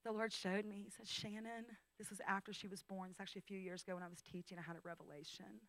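A woman in her thirties giving a personal testimony as a guest speaker, intimate and emotional, dropping to whispers and rising to loud outbursts. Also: mid-range voice, fairly even intonation, fast talker, no room sound, poor audio. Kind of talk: testimony talk. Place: training school session.

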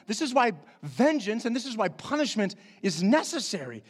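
A man's voice: sits high, big pitch swings, moderate pace, hardly any pauses, in a large hall. A middle-aged man preaching a sermon as pastor, earnest and emphatic, repeating key phrases for stress.

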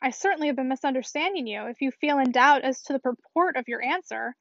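A woman voicing a clever, decided young lady in a measured, precise reading. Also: high-pitched, animated. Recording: dull, dry lo-fi recording.

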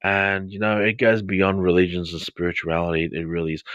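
Australian man, low voice, podcast host, talks straight to listeners, dry dead sound. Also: completely flat delivery, brisk, few pauses, fairly bright tone, clear, resonant tone, dry recording, dull audio. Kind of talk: live podcast chat.

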